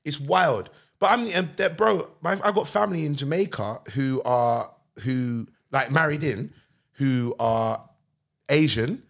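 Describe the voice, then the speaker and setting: London man telling stories in animated chat. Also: medium pitch, measured pace, creaky. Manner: animated storytelling with slang like bruv. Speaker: podcast host. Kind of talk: casual chat.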